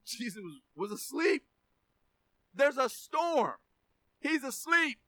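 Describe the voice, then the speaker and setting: A man's voice: very high voice, sing-song, takes it slowly, sharp tone, no room sound. A man preaching a sermon to his church, emphatic, often repeating words and asking for an amen. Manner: emphatic, repeats words, asks congregation for amens. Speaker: pastor.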